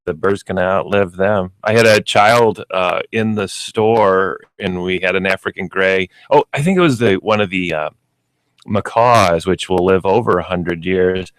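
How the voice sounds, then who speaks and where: A man co-hosts a radio show in a laid-back, storytelling way. His voice is on the low side. The sound is close and dry, as in a studio booth. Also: a little slow, smooth, no echo, poor audio. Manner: laid-back, tells store anecdotes. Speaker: pet store co-host. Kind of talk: casual radio chat.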